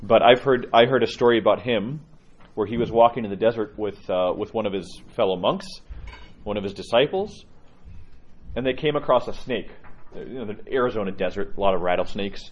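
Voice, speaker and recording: A male priest telling stories to his congregation in an informal sermon, lively and often restarting his sentences. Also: on the low side, fairly quick, dull audio. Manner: lively storyteller with frequent restarts. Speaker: Orthodox priest.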